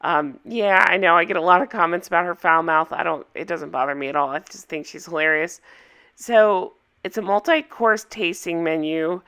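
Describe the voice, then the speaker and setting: Hoarse woman with a gravelly low voice. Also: normal speed, sharp tone. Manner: chatty, opinionated, asks viewers for comments. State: hoarse from a cold. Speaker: reality TV recapper. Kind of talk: casual video recap.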